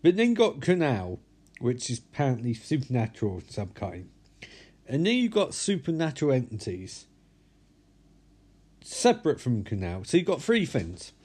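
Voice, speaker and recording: A man's voice: mid-range voice, wildly swooping pitch, moderate pace, pauses often, darkish tone, slightly rough. A tired man reviewing a movie in a casual vlog, rambling and blunt, swearing freely.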